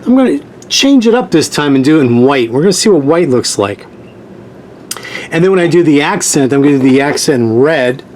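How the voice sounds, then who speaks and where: A man's voice: on the high side, lively intonation, brisk, darkish tone, slight background noise. A man hosting a sewing tutorial, giving patient step-by-step instructions and repeating key points.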